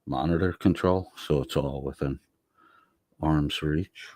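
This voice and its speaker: A deep-voiced man chats on a live stream, reading viewer comments aloud and firing back at them. He rambles and swears freely in a loose, offhand way. His laptop mic picks him up dry, with no room sound. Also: slow pace, darkish tone, no echo. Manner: rambling, profane, talks back to chat. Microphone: laptop microphone.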